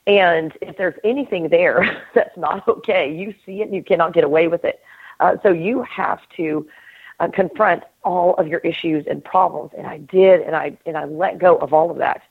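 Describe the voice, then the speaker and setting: A middle-aged woman speaks earnestly over a thin, phone-like line, her voice a little husky and set fairly low. She talks in an animated way, laughs often, and acts out what she heard herself think. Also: normal speed. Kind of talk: casual spiritual conversation. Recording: tinny phone-line call audio.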